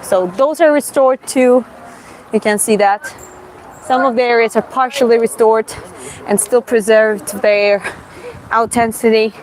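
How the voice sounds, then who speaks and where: A young woman from Georgia, with a Georgian accent and a slightly high voice, narrates a live-streamed walk through her city's streets. She talks haltingly, with fillers and restarts. She is recorded outdoors on a handheld phone, with faint traffic behind her. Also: steady tone. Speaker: vlogger giving a city walking tour. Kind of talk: casual live-stream walking tour.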